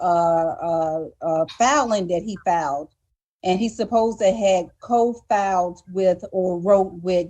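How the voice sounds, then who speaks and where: A woman's voice: medium pitch, a little mellow. A woman guest on a live talk show, speaking earnestly and emotionally, often repeating words as she restarts her sentences. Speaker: guest telling her story. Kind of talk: candid live-show conversation.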